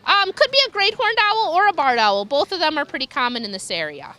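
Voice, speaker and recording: A woman's voice: high-pitched, sing-song, brisk, sharp tone. A young woman giving an enthusiastic wildlife lecture to an audience, sometimes imitating animal calls. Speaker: raptor educator. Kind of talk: public lecture.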